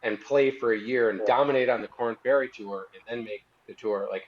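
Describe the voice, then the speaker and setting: Podcast guest, mid-pitched man, rambly and halting, dull lo-fi audio. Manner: rambling, trails off and restarts. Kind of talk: casual chat.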